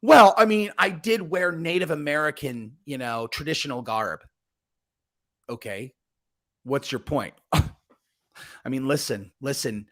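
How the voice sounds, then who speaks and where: A man hosting a podcast, ranting and cracking crude jokes in an excitable, profane way. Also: a little high, takes it slowly, long pauses. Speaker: podcast host. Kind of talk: crude comedic banter.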